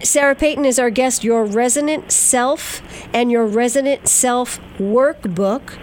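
A woman hosting an interview, asking brisk, prompting questions. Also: fairly high pitch, darkish tone, a little hiss or hum. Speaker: interview host. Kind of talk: radio interview.

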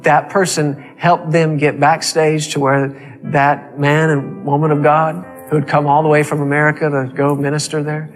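A man preaching a sermon, telling a story with emphatic repeated phrases. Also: fairly high pitch.

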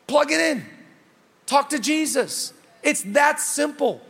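A middle-aged man from the United States preaching a sermon as pastor, energetic, with quick asides to the congregation. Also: very high-pitched, vocal fry. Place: church auditorium. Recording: long reverb of a large hall.

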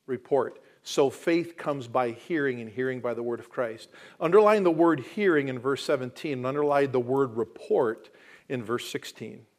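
A male pastor delivering a sermon, swinging from loud emphatic declarations to quiet asides and questioning the congregation. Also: medium pitch, moderate pace.

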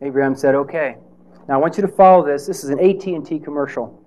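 A man's voice: a little high, racing, mellow. A man preaching a sermon in a conversational way, with rhetorical questions and playful asides.

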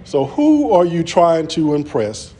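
A man's voice: a little high, sing-song, unhurried, warm tone. A man preaching an earnest sermon, often restarting his words as he presses his points. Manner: earnest, repetitive, stammering restarts.

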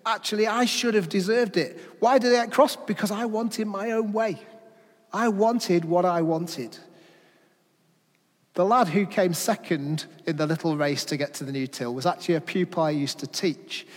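High-voiced preacher in a reverberant hall. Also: male voice, normal speed. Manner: rhetorical questions, personal anecdotes, dramatic drops in volume. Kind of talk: sermon.

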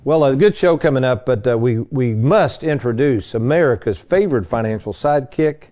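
A chatty male radio host with a mellow, warm tone and a medium-pitched voice. He talks in a folksy, joking way that wanders a bit and fills the gaps with "uh". He sounds like he is settled at a studio mic. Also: lively intonation, normal speed. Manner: folksy, joking, rambling with fillers. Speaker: radio host and retirement planner. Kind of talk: radio talk show chat. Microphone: studio microphone.

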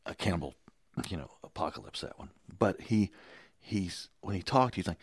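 A man, a filmmaker, chatting casually on a podcast and telling lively anecdotes. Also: deep voice, moderate pace, slightly rough, dry recording, studio quality. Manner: enthusiastic storyteller, impersonates people in quotes.

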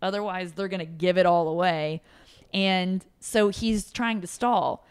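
A woman hosts a podcast, chatting casually and animatedly with plenty of filler words. Her voice is on the low side, unhurried and clean in tone.

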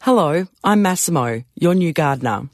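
A man's voice: on the high side, lively intonation, moderate pace, dry recording, studio quality, close to an everyday voice. A man doing a cheerful Australian gardener. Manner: friendly, easygoing.

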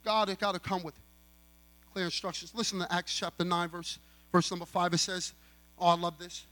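Preacher guy at a youth convention, really high bright voice, super animated, acts out scenes. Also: a little fast. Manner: animated, acts out dialogue, talks straight to the audience. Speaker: guest pastor at a youth convention. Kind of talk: sermon.

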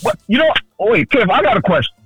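A man co-hosting a casual podcast chat, telling stories loudly with lots of swearing and acted-out quotes. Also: high-pitched, fast talker, slightly rough, no echo, faint music behind, low-quality recording. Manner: animated storyteller, loud and swearing, acts out quotes. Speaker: podcast co-host.

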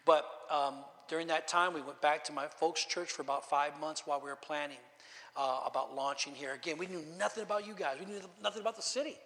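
A man's voice: fairly high pitch, fast, a bit bright, long reverb tail. A man pastor preaching a testimony sermon in a storytelling way, emotional and repeating his words.

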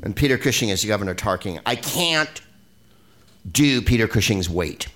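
A man's voice: on the low side, lively intonation, normal speed, a bit bright. A man hosting a podcast in a rambling, comic, profane talk about old films, full of digressions and laughing asides. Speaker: podcast host. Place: live venue with an audience.

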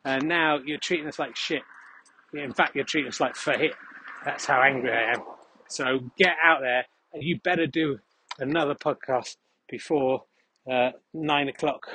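A man's voice: medium pitch, a bit bright, slight background noise, lightly acted, rough recording. A man putting on the voice of a furious longtime podcast fan who rants and swears. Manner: ranting, threatening.

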